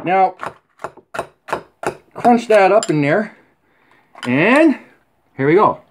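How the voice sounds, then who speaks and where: A man's voice: high voice, big pitch swings, drawn-out words. Crude guy rambling on his vlog, swearing nonstop, voice jumps up and down, bit of hiss behind. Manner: profane, rambling, rough-humored. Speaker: vlogger. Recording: faint background noise.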